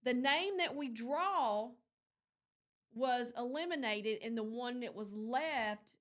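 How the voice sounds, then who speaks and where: Woman morning-show host, chatty and loose, slightly high voice. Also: expressive, slow pace, fairly bright tone. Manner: chatty storyteller, rambling with fillers. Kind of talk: casual on-air chat.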